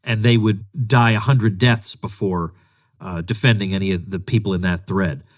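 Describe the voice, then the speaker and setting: A man's voice: lowish voice, steady tone, moderate pace. Sarcastic man hosting a solo podcast. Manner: sarcastic, exasperated, mocking reading of comments. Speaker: podcast host. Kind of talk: solo commentary monologue.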